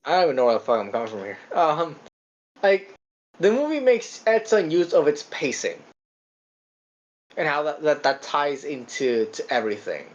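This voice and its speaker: A man's voice: on the high side, sing-song, normal speed, dull audio. A man co-hosting a podcast, chatting casually about a film in a rambling way, full of stammered restarts and casual swearing. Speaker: podcast co-host. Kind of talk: casual film review chat.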